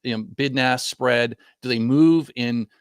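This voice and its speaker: A man's voice: medium pitch, a little slow, clean tone, no echo, studio quality. A middle-aged man, a guest trader, talking casually in a reflective, rambling way that corrects itself often. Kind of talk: casual chat.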